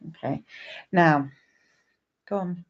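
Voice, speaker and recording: A woman's voice: on the low side, slow, dull audio. A woman, a psychic medium, chatting on a live stream and greeting viewers by name.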